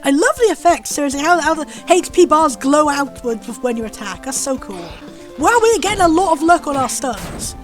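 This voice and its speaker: A British woman giving bubbly, excitable commentary while playing a video game. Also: sits high, normal speed, soft background music. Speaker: let's play host. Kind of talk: gameplay commentary.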